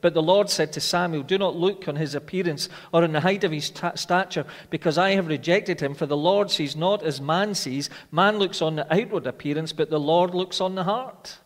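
Man, preaching a sermon, slightly high voice, dramatic loud-soft swings, long church reverb. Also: moderate pace, few pauses. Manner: dramatic, swings from loud rhetorical questions to quiet intensity.

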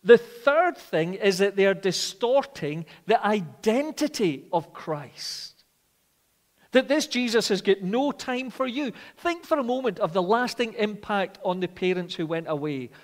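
A male preacher delivering a sermon with a fairly high voice. He hammers his points home, then drops to a hush before rising again. The sound carries a long reverb from a large hall. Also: expressive, a little slow. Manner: emphatic, swings between loud declarations and quiet reflection.

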